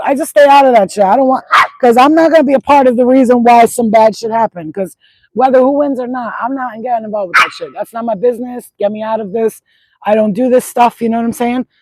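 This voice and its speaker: A woman's voice: mid-range voice, noisy background. A middle-aged woman rambling in a casual livestream chat outdoors at sunset, swearing freely and repeating herself as she goes. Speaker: spiritual channel host.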